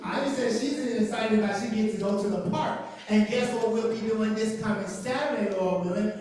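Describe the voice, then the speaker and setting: A man playing a cheerful, excitable grapevine mascot who playfully quizzes and teases a crowd of children in a church hall. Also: high voice, a little fast, natural voice. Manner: playful, teasing, quizzing kids. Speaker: costumed character at kids' Bible school.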